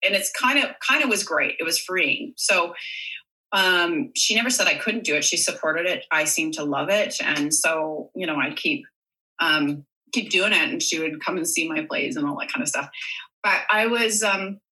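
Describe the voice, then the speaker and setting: A Canadian woman with a low, pushed, bright voice chats freely as a guest in a casual conversation, speaking at a moderate pace. She laughs easily and fills her speech with fillers. The audio quality is poor.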